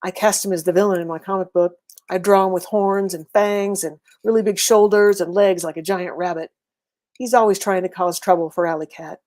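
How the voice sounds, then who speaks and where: A woman's voice: medium pitch, fairly even intonation, a little fast, a little mellow. Woman reading a wry first-person story. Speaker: reader.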